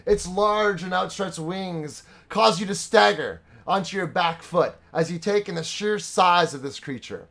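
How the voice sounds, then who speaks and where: He's a young dungeon master running a streamed tabletop game on a streaming microphone, moving between casual talk and dramatic narration. His voice is high-pitched and a bit bright, a little slow, with vocal fry and few pauses.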